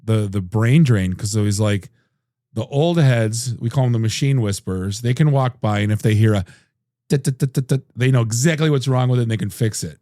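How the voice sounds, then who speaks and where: A male podcast host with a lowish, warm and mellow voice, chatting casually. He rambles and jokes, restarting his sentences often. The sound is close and dry. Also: fairly quick, no room sound. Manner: rambling, jokey storyteller with many restarts.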